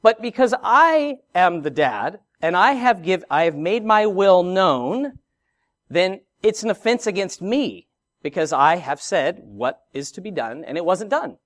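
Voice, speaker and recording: A man's voice: high voice, very animated, a little slow, dry recording. A middle-aged man preaching a sermon, teaching with everyday examples and rhetorical questions. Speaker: pastor.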